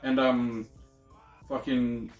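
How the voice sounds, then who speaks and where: A man hosting a casual movie review podcast, rambling and excitable. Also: mid-range voice, very slow, echoey room, lo-fi sound, soft background music. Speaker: podcast host.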